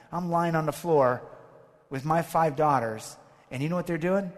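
A man with a slightly raised pitch preaches to a live audience. He tells animated stories and gives emphatic quotes. His voice carries the long echo of a large hall. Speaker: Catholic speaker at a talk or retreat. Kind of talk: sermon-style talk to a live audience.

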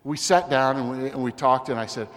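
A man giving a personal testimony talk as a Catholic speaker, telling his story with animated, self-deprecating humor. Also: medium pitch, brisk. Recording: long hall reverb.

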